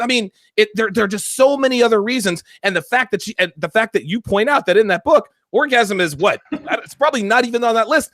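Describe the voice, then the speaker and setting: A man's voice: extremely high pitch, no room sound, clean studio sound. A man hosting a casual podcast conversation, telling blunt, profane stories. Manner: animated, profane storytelling. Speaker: podcast host.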